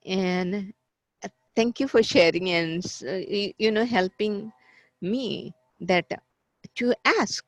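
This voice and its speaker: A woman's voice: medium pitch, slow, dry recording, dull audio. A woman in a study group sharing hesitantly, searching for her words.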